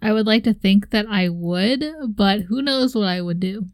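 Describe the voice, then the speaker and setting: A woman's voice: medium pitch, normal speed, a little mellow, no echo. A young woman co-hosting a casual chat, telling a story animatedly and acting out her own reactions with laughs. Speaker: podcast co-host.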